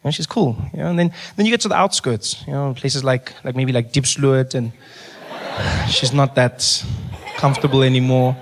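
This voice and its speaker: A man with a South African accent performing stand-up comedy, telling stories with animated bursts and low asides. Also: moderate pace. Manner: animated storytelling, switching between high excited bursts and low asides.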